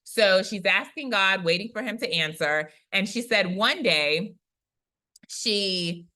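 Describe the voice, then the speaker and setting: Bright-voiced woman telling a faith story. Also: medium pitch, slow pace. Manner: chatty, animated retelling with frequent "she's like" and "right?". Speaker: Christian YouTuber, prophetic speaker. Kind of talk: conversational storytelling testimony.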